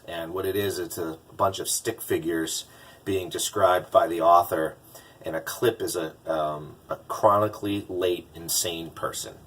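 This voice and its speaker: A man talking casually in a vlog as a business coach, restarting sentences often and getting animated when quoting others. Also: low voice, husky. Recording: distant mic.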